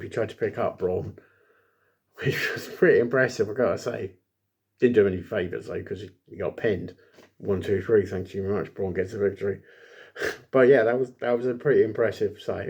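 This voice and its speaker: Rambling low-voiced man. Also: darkish tone, husky. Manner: rambling, self-deprecating, many ums and asides. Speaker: wrestling show reviewer. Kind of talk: casual solo recap.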